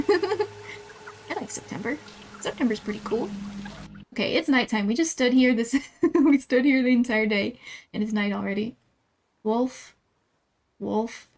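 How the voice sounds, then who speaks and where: A young woman livestreaming a game and chatting with viewers in a playful, giggly way, often flustered and laughing. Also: sits high. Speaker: streamer. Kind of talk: casual live-stream chat with viewers.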